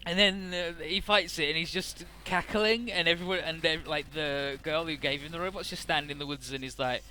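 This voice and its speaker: A man talking over a game in a loose, rambling, profane style, with a bright voice that sits a little high. Faint game music plays behind him. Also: fairly even intonation, a little fast, few pauses. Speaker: let's play host. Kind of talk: casual game commentary.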